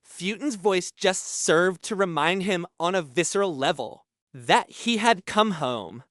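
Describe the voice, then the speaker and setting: A male audiobook narrator reading fantasy in a measured, expressive way. His pitch swings widely while he keeps an unhurried pace. The studio sound is very dry and close. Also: no echo.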